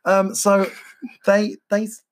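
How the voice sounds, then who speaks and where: A woman's voice: medium pitch, completely flat delivery, slow. A woman co-hosting a podcast in casual chat, giggly and teasing. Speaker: podcast co-host.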